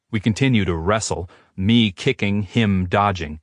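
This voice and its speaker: A man narrating a romance audiobook in a measured, steady storytelling voice. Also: fairly low pitch, dry recording, studio quality. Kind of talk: scripted narration.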